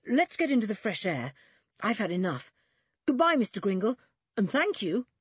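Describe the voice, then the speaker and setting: A woman voicing a brisk, polite older boy in a storybook reading. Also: mid-range voice, very animated, husky, dry recording, dull audio, voice pushed up.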